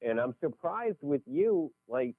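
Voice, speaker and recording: A man in his forties calling a radio show, chatty and lively, heard over a phone line. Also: on the high side, measured pace, dry recording. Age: 40s. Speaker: caller. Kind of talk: call-in radio chat.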